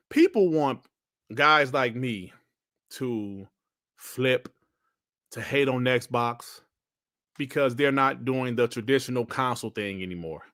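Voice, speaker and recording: A man's voice: mid-range voice, fairly bright tone. A man hosting a casual gaming podcast, ranting bluntly with plenty of slang and swearing. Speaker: podcast host.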